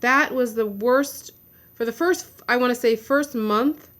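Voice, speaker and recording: Frustrated woman vlogger, blunt and venting, slightly high voice. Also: unhurried, fairly bright tone. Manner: blunt, swears. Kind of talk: personal video update.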